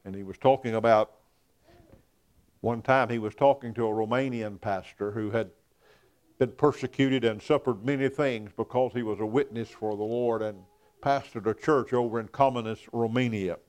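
A man preaching a sermon, telling stories in a folksy, emphatic way that rises to loud peaks. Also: medium pitch, fairly even intonation, moderate pace.

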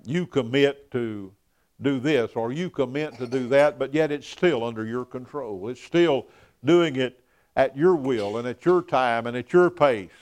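A man speaking the words of an earnest older male pastor in a gentle but firm, measured way. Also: mid-range voice, natural voice.

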